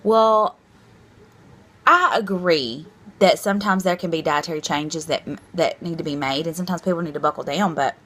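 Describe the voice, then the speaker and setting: A woman's voice: low-pitched, moderate pace, a bit bright, a little hiss or hum. A woman in her thirties talking candidly and rambling a little in a casual diet vlog, self-deprecating and frank. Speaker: vlogger.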